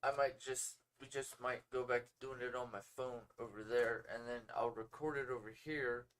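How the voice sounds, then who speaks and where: A man's voice: mid-range voice, steady tone, moderate pace, a bit bright, slight background noise. A man co-hosting a casual livestream podcast, talking in a laid-back, shrugging way. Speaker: podcast co-host. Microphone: phone or home streaming setup.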